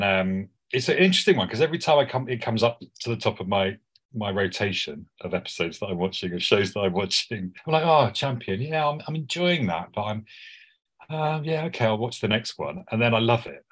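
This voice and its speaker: A man's voice: low voice, fairly bright tone. A man co-hosting a casual TV podcast, talking enthusiastically and rambling with restarts. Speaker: podcast co-host. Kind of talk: casual chat.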